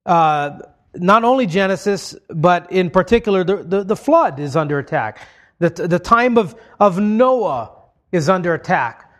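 A man's voice: sits high, expressive, unhurried. A man preaching a sermon, explaining points to his congregation in a conversational way.

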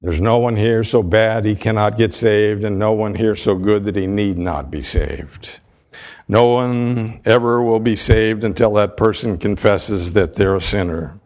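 A man preaching a sermon with emphatic, deliberate delivery and dramatic pauses. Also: fairly low pitch, a little mellow.

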